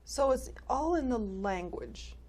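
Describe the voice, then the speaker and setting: A woman's voice: fairly high pitch, expressive, darkish tone, breathy edge. A woman hosting an interview, posing questions and affirming her guest often. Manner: slow, frequent affirming backchannels. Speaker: host.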